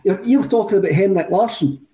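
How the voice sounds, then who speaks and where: A Scottish man chatting on a football podcast, his voice sitting high yet dark and mellow. He rambles with excitement and circles back over the same words. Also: a little fast, a little hiss or hum, low-quality recording. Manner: enthusiastic, rambling, repeats himself. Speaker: podcast co-host. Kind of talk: casual chat.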